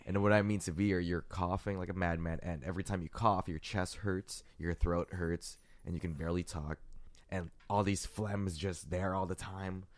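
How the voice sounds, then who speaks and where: A sick man with a raspy, hoarse voice, rambling laid-back in a casual podcast chat and swearing often. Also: low-pitched, fairly even intonation, moderate pace. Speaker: podcast co-host.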